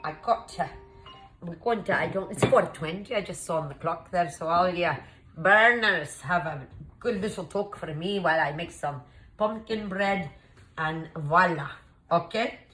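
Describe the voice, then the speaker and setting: A woman's voice: fairly low pitch, measured pace, sharp tone, faint music behind, poor audio. A woman playing a scatterbrained, cheerful female Mad Hatter who hosts an improvised comedy cooking demo, talking in a rambling, flustered way with a Scottish-tinged accent that drifts. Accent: Scottish-tinged, shifting. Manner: rambling, flustered, chatty, muddles measurements. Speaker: cooking show host in costume.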